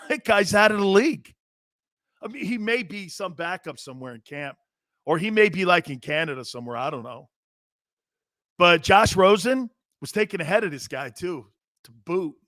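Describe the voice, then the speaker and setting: A man's voice: high voice, expressive, normal speed, a bit bright, no echo, studio quality. A man hosting a sports talk show, delivering a brash, opinionated monologue full of rhetorical questions and slang.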